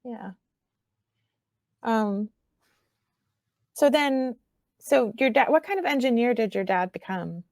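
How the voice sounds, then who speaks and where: A woman interviewing for an oral history project, asking questions in a conversational, gently probing way. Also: on the high side, lively intonation, takes it slowly, creaky, long pauses, dry recording, clean studio sound.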